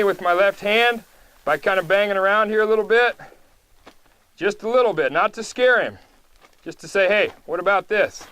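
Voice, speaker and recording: A man with a fairly high voice walks through a horse-training demo outdoors. He talks calmly and patiently, explaining each small step in a plain, unhurried way. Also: dry recording. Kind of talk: live training demonstration.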